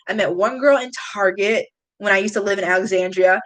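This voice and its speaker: This late-20s beauty vlogger talks to her live stream audience in an emotional, confiding way, addressing chat directly. She speaks at normal speed with a medium pitch and a fairly bright tone, captured in a low-quality recording.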